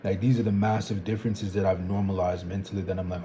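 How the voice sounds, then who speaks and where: Young zimbabwean guy vlogging, low mellow voice, rambly and repeats himself, faint hum behind. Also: level tone, quick pace, hardly any pauses. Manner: thinking aloud, meandering, repeats phrases. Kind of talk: reflective solo talk to camera.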